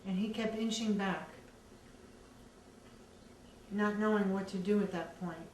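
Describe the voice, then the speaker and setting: A woman speaks slowly and earnestly, pausing often as she recounts her own experience. The mic sits some way off in a reverberant room, and a faint hiss of background noise runs beneath her voice. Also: mid-range voice, steady tone, a little mellow, distant mic. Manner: earnest, measured recounting with many pauses. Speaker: survivor telling her own story. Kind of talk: personal testimony.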